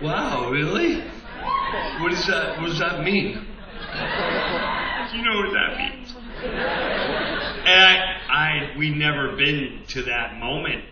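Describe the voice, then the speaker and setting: Stand-up guy from long island, high lively voice, roomy theater heard from far off, big loud crowd. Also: slow, pauses often, muffled recording, heavy background noise. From Long Island, New York. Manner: animated, shouts out metal song lines. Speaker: stand-up comedian. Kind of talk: stand-up storytelling. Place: large theater stage. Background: roaring audience laughter.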